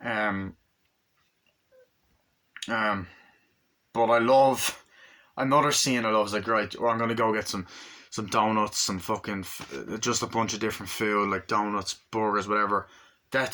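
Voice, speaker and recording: Casual male reviewer, lowish voice with a tense, bright edge, profane, rambling retelling. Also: fairly even intonation, a little slow, long pauses. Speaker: movie reviewer.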